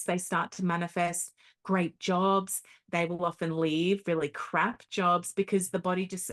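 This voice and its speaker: A woman working as a homeopath, telling stories in a casual interview and acting out the quotes. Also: on the low side. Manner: animated storytelling, acts out quotes.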